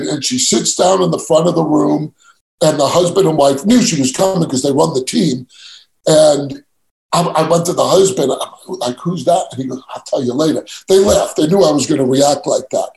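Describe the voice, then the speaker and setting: A brash middle-aged man from New tells his stories in a gravelly voice. He mocks himself and stumbles into quick restarts. His voice sits a little high, and the room around him echoes. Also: darkish tone. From New York. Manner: brash, self-mocking storyteller with stammered restarts. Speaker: guest, real estate agent. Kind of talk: casual storytelling interview.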